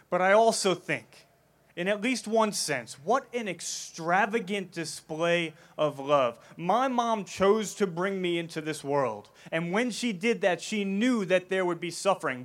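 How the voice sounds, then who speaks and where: A man's voice: on the high side, fairly bright tone. A man giving an earnest festival talk on faith, telling a vivid personal story. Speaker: Christian speaker. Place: festival stage.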